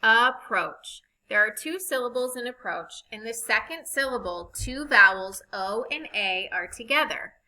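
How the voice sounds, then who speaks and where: A woman teaching a recorded reading lesson, speaking slowly and deliberately as she spells out vowel sounds. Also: a little high, expressive, pushed and bright, low-quality recording.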